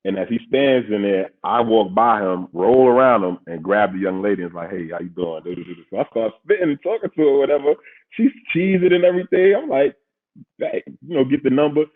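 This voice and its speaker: A mid-range, expressive voice moves briskly as this Queens man, a former pro football player who now hosts a podcast, tells a story. His New York accent, slangy casual talk and frequent laughter come through husky and tinny, as if over a phone line.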